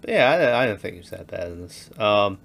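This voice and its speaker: A man's voice: on the low side, sing-song, fairly quick, creaky, fairly bright tone. A man co-hosting a casual movie review podcast, retelling scenes animatedly and laughing as he goes. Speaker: podcast co-host.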